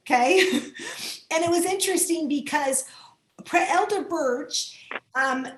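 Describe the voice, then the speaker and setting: A woman with a high, bright-sitting voice speaks earnestly to volunteers on a video call, her words warm with emotion and broken up by frequent laughs. Her computer mic catches a roomy echo of the room around her. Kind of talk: Zoom training talk.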